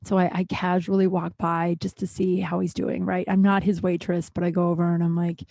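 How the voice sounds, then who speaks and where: A woman hosting her podcast, telling old workplace stories in a rambling, profane, animated way. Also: brisk, creaky, dry recording. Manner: profane, rambling, animated, with sudden jumps in pitch. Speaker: podcast host. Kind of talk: casual storytelling monologue.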